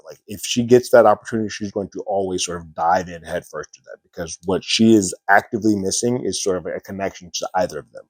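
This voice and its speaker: A man's voice: on the low side, darkish tone, no room sound. A man reviewing a TV episode in a casual, rambling recap full of "sort of" and "like". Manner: rambling, many "sort of" and "like" fillers.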